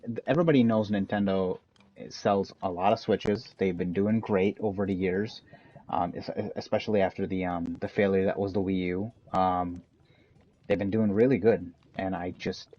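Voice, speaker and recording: A man's voice: lowish voice, dull audio. A man hosting a casual podcast chat, giving his opinions as he thinks aloud. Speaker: podcast host.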